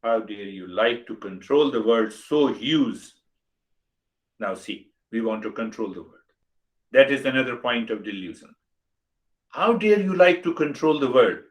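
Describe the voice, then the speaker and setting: A man's voice: medium pitch, animated, measured pace, rough recording. Older man teaching, emphatic and rhetorical. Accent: Indian English. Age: 60s. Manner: rhetorical, repeats questions, emphatic. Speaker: spiritual teacher. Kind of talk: spiritual talk.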